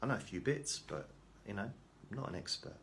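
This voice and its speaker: A man with a low voice talks to camera in a loose, rambling monologue. He is self-deprecating and often stops to restart his sentences. A faint background hum sits under his voice. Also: big pitch swings, brisk, creaky, fairly bright tone. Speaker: vlogger.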